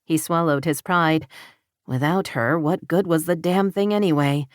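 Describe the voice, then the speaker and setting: Low-voiced woman narrating an audiobook. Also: unhurried, no echo, clean studio sound. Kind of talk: scripted narration.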